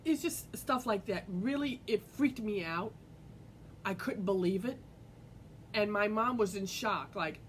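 A woman's voice: medium pitch, unhurried, slight background noise, rough recording. A woman vlogger telling a personal story to her viewers in an earnest, rambling way full of fillers and restarts. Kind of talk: casual personal storytelling to camera.

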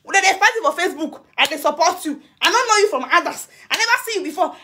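Very high-pitched and animated, this Nigerian-accented woman talks fast with a bright, forceful tone, and slight background noise can be heard. She is a social media personality confronting someone on a live video, facing her phone camera directly. She presses her demands emphatically over and over, laughing from time to time.

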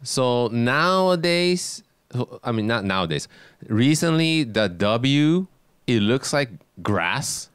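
A man's voice: mid-range voice, sing-song, slow pace, a bit bright, smooth, no echo, studio quality. A young Japanese man co-hosting a casual chat, playfully explaining slang and switching between Japanese and English. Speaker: co-host.

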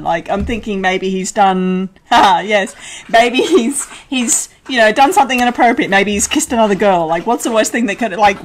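A woman's voice: medium pitch, moderate pace, a little hiss or hum, rough recording. Laughing woman telling a story. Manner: laughing, animated storyteller acting out quotes. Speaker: guest. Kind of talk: anecdotal storytelling in a podcast interview.

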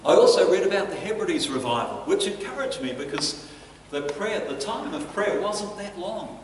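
A man preaching a sermon as pastor, telling stories in an animated way and chuckling between lines. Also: sits high, normal speed, a little hiss or hum. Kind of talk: storytelling sermon. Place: church hall. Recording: echoey church hall from a distance.

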